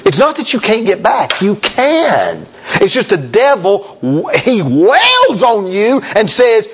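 A man preaching a sermon, folksy and emphatic, with sudden shouts and slow drawn-out lines. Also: sits high, huge pitch swings, husky, highs cut off.

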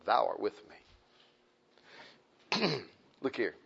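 A man's voice: mid-range voice, big pitch swings, extremely slow, gravelly, a bit bright, breathy edge. A man preaching a sermon in a folksy, emphatic way, often repeating his phrases. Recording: dull lo-fi recording.

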